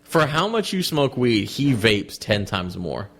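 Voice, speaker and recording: A man's voice: mid-range voice, very animated, a little slow, a bit bright, slight background noise. A man hosting a comedy podcast, telling rambling, profane stories packed with "like.". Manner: rambling, profane storytelling with lots of "like". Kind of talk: casual chat.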